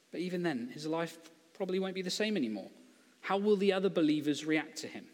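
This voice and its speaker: A man's voice: fairly high pitch, big-room sound. A man preaching a sermon in a conversational, humorous storytelling way, acting out quotes.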